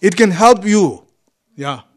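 A man teaching as a Buddhist monk, speaking halting English that is not his first language, often pausing to find a word and chuckling through his points. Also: high-pitched, expressive. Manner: broken English, often gropes for words. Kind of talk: dharma talk to a group.

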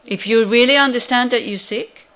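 A woman's voice: on the high side, moderate pace, fairly bright tone. Woman teaching a Buddhist class. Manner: conversational, rhetorical questions, many fillers.

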